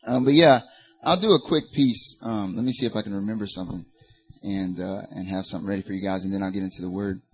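Southern guy from north carolina chatting at church, kinda husky, lots of um and like. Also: lowish voice, quick pace. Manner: chatty, joking, lots of fillers. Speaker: guest speaker. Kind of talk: casual church talk and spoken word.

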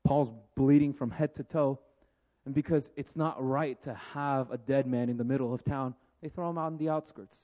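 A man preaching a sermon with jokes, moving between lively storytelling and hushed, slow reflection. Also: mid-range voice. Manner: animated and joking, then hushed and reflective. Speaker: pastor. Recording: dull lo-fi sound.

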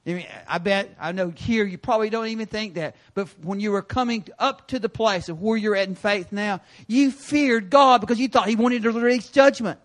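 A guest preacher with a voice that sits high for a man delivers a sermon in a church sanctuary. He tells stories with energy at a moderate pace and few pauses, switching suddenly from loud, punchy lines to quiet asides.

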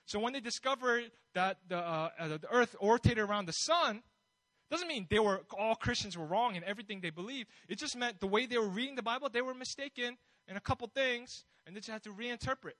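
A man's voice: very high-pitched, fairly quick, a bit bright, dry recording, low-quality recording. A man preaching a sermon in a conversational way, building his points with rhetorical questions and bold emphasis.

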